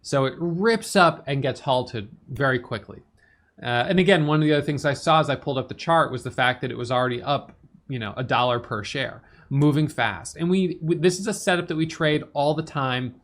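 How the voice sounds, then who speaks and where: A tired man casually recapping his day's stock trades, talking fast with lots of fillers and restarts. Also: a bit bright. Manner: fast, filler-heavy talk with restarts, "boom" for quick actions. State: tired, yawning.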